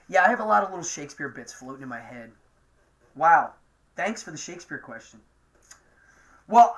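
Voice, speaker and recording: A man's voice: fairly high pitch, bright, forceful tone. A man with an East Coast accent hosting a livestream show, chatting in a rambling, enthusiastic way. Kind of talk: casual livestream chat.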